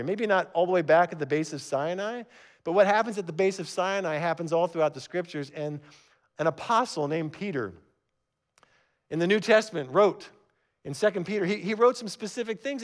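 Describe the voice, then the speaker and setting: A man preaching a sermon as pastor, reading scripture aloud and repeating words as he presses each point. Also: sits high. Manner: emphatic, repeats words when starting phrases; reads scripture aloud, then explains it.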